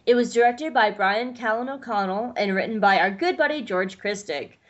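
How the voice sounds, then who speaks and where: A woman's voice: medium pitch, animated, moderate pace, highs cut off. A woman co-hosting a podcast, chatting casually and reading episode recaps. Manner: chatty, filler-heavy, reads summaries. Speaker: podcast co-host.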